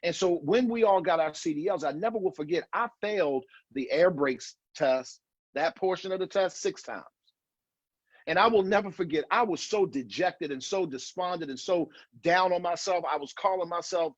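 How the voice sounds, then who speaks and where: Heard over a video call, a middle-aged man with a high-pitched voice gives an earnest marriage conference talk online at normal speed. He repeats phrases for emphasis and restarts often; the lo-fi sound has no echo.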